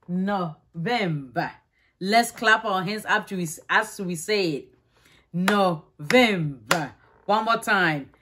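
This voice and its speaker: A woman teaching a preschool circle-time lesson, coaxing children to repeat after her with slow, exaggerated letter sounds. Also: mid-range voice, fairly bright tone.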